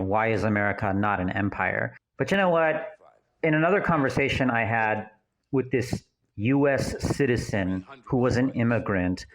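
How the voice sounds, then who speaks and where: A man's voice: fairly low pitch, slight background noise, low-quality recording. Earnest, rambling male commentator. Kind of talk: casual audio commentary.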